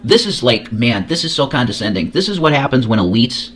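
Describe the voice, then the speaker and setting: A man's voice: mid-range voice, sing-song, a little fast, a bit bright. A man hosting a casual reaction show, talking crudely and rambling, repeating words as he goes. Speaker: host.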